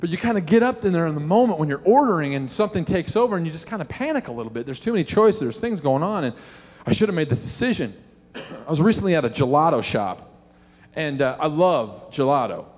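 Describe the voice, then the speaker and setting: A middle-aged man, a pastor preaching a sermon and telling animated stories with questions to the congregation. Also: a little high, fast. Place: church sanctuary. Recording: long hall reverb.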